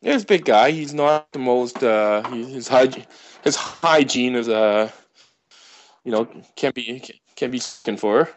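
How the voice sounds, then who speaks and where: A man telling a rambling, animated anecdote in casual chat, full of fillers and restarts. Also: mid-range voice, unhurried, a little hiss or hum.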